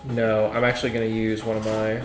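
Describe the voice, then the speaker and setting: A man's voice: on the low side, monotone, brisk. A man playing in a tabletop game, chatting casually about dice and rules. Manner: casual, chatty rule talk. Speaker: player. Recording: roomy echo, faint music.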